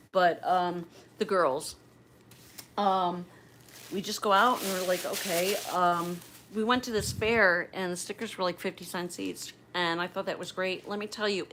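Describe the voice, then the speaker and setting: A woman's voice: mid-range voice, fairly bright tone, slight background noise, low-quality recording. Chatty middle-aged woman hosting a livestream. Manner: chatty and rambling, addresses viewers directly. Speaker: livestream host. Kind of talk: casual livestream chat.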